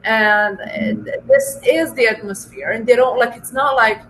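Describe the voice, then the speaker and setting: High-voiced woman telling animated work stories. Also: unhurried, soft background music, poor audio. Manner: animated storytelling, many fillers and restarts. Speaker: data scientist guest. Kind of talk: casual interview conversation.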